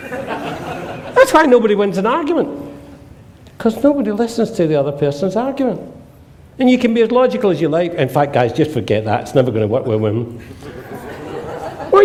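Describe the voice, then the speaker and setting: A man's voice: high voice, a little mellow, slight background noise. A man, giving a humorous seminar talk to a live audience as the presenter. He tells jokey stories and acts out the dialogue in them.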